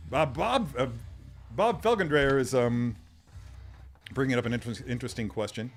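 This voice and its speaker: A man's voice: mid-range voice, normal speed. A man hosting a casual live stream, chatty and self-deprecating, thinking aloud and answering viewer comments as he works. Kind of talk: casual live-stream chat while unboxing. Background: faint sci-fi music.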